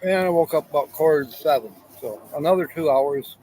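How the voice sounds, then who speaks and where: A man's voice: fairly high pitch, fairly quick, dark tone, poor audio. A man hosting a casual livestream, rambling and greeting viewers by name, at times talking while eating. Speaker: livestream host. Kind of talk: casual live chat.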